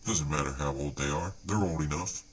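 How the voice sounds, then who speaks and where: A man's voice: a bass voice, a little fast, breathy edge, pitched below the performer's own voice. A man voicing a sleazy, boastful male ghost in a comedy bit, in a smug, leering tone. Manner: smug, leering, mock-casual. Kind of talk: comedy sketch voice via a spirit board.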